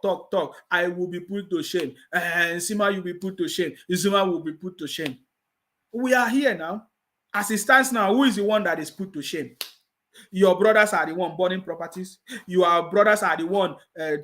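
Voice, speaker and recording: A man's voice: high-pitched, fairly bright tone. A man with a Nigerian English accent hosting a live stream, reading viewer comments and scolding his critics with repeated mocking taunts. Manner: reads viewer comments aloud.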